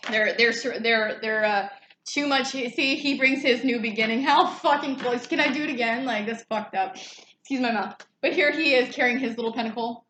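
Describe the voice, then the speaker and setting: A tarot reader chats her way casually through a reading, relaxed and liberal with curse words. She speaks at a normal speed in a slightly high, fairly bright voice, in an echoey room with a faint noise in the background.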